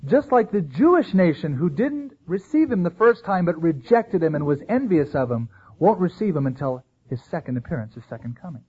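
Male pastor, sermon delivery, slightly high husky voice, narrow tinny sound. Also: moderate pace, few pauses. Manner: animated preaching, acting out quoted voices.

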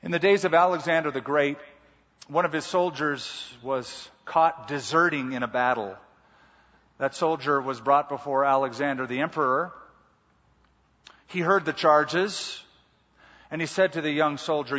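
Husky man preaching in a big hall. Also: fairly high pitch, moderate pace, a bit bright. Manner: emphatic, repeats key words. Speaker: pastor. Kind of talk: sermon. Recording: muffled hall reverb.

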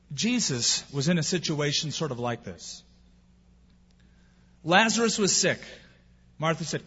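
A man's voice: fairly high pitch, fairly bright tone, breathy edge. A man preaching a sermon as pastor, asking rhetorical questions and acting out the people he quotes. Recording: dull sound with long hall reverb.

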